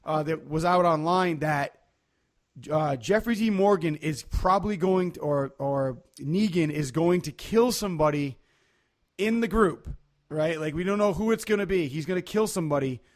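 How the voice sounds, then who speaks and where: A man's voice: a little high, normal speed. A man, chatting casually on a podcast and telling loose, rambling stories full of fillers. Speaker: podcast co-host. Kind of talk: casual chat.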